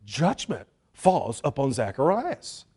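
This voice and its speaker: A man preaching a sermon with animated emphasis, dropping to hushed asides and acting out the people he quotes. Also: mid-range voice, slow pace, breathy edge. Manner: acts out quoted speakers in lively voices.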